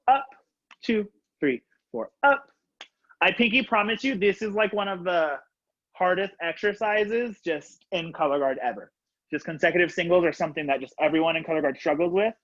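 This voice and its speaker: Upbeat man counting through a video-call class. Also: high voice. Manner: upbeat, counting out loud, casual with lots of fillers. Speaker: color guard instructor. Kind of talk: live online class instruction. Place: home room, on the floor. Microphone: laptop webcam on a video call. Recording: dull lo-fi video call audio.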